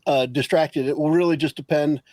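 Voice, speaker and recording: A man playing a tabletop game, calmly explaining what his character does. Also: a little high, no echo, low-quality recording. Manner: measured, explaining his plans. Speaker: player.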